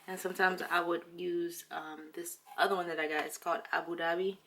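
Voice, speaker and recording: A woman's voice: lowish voice, little pitch movement, brisk, pushed and bright, slight background noise. A young woman vlogger chatting casually about a beauty haul, slightly out of breath, full of "like" and "um". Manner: chatty, fillers, lots of "like".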